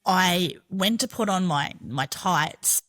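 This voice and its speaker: A woman's voice: on the low side, slow, fairly bright tone. A middle-aged Australian woman telling her own story as a podcast guest, frank and chatty, swearing freely. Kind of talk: candid personal storytelling.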